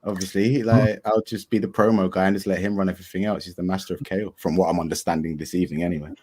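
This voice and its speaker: A man's voice: low-pitched, flat delivery, racing, warm tone, husky. A man chatting as a guest on a podcast, joking loosely and laughing often. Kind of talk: casual podcast chat.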